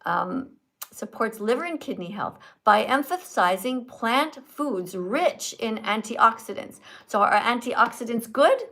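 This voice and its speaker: Woman, from Canada, live stream host, slightly high voice, chatty, teacherly. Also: unhurried. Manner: chatty, animated, teacherly quizzing. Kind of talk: casual live stream chat with viewers.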